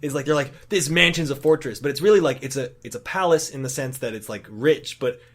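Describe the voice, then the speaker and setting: A man's voice: medium pitch, animated, quick pace, a little mellow. A man co-hosting a casual podcast, analyzing details of a comic story. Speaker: podcast co-host.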